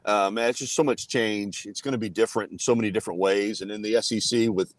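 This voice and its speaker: A man's voice: lowish voice, steady tone, fast, dry recording. A man, talking sports as a guest with earnest, filler-heavy analysis. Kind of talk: casual sports talk.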